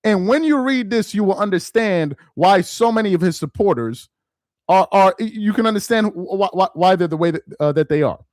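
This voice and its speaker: A man hosting a live-stream commentary, reading aloud slowly with heavy emphasis and mocking what he reads. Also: high voice, lively intonation, darkish tone, no room sound, studio quality. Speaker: political commentary host.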